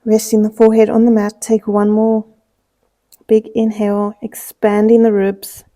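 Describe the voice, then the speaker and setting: This young woman, a pilates instructor, runs her class with quick exercise cues and countdowns, sounding out of breath. She talks at a normal speed in a mellow, mid-range voice with a monotone delivery.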